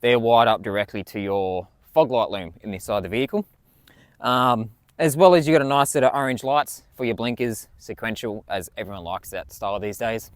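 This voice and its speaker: A man's voice: fairly low pitch, fairly quick, no echo. A man walking through his vehicle build in a casual, enthusiastic way, swearing freely. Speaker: vlogger.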